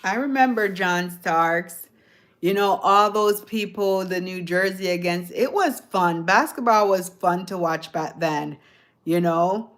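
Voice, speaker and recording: A woman's voice: lowish voice, measured pace, a bit bright. A woman with a light Jamaican accent rambling casually to her live viewers, chuckling often and asking them questions. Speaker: livestream host.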